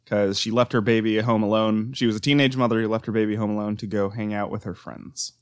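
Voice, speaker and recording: A man co-hosting a casual podcast, reading out his research notes with plenty of fillers and a deadpan delivery. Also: lowish voice, fast, clean tone, no room sound, studio quality. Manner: reads notes aloud with fillers and restarts, deadpan. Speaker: podcast co-host presenting research. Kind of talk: casual chat.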